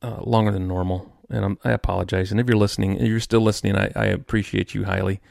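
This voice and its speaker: A man's voice: fairly low pitch, little pitch movement, fast talker, gravelly, darkish tone, no room sound, studio quality. A man hosting his own podcast, ranting in a frustrated, rambling way with many restarts. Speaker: podcast host. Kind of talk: solo podcast rant.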